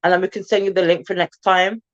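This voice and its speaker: A woman's voice: on the low side, little pitch movement, fast talker, highs cut off. A woman co-hosting a casual live stream chat, talking chattily with her mouth full as she eats. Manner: chatty, talks while eating with mouth full. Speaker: co-host.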